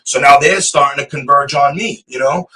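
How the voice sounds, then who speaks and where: Bright-voiced man telling a rambling story. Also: medium pitch, normal speed, distant mic, a little hiss or hum, rough recording. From Massachusetts, USA. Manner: rambling, profane, keeps saying "you know what I mean". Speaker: podcast guest. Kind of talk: casual storytelling of prison life.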